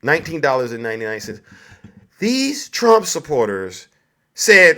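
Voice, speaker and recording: Brief: man, fairly high voice, mocking political stand-up rant. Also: sing-song, a little slow, pushed and bright. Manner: mocking, acts out scenes in put-on voices. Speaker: comedian.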